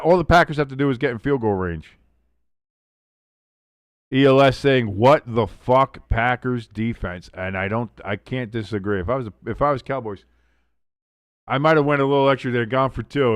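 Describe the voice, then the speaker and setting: Man, streamer host: rowdy, cursing play-by-play with sudden shouts and low asides, dry close-mic sound. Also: clean tone, no echo. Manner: excitable, profane, swings from yelling to muttering asides. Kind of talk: live game watch-along commentary.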